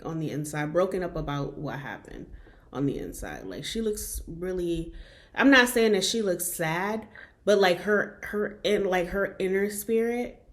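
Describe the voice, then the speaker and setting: A woman hosting a reaction video, chatty and drawn-out, pausing to comment with many hums and asides. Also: fairly low pitch. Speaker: reaction channel host.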